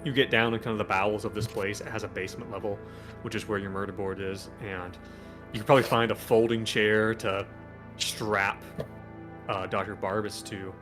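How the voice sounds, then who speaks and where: A man's voice: on the low side, steady tone, normal speed, music in the background. A man acting as game master, narrating a tabletop game in a casual, rambling way full of fillers.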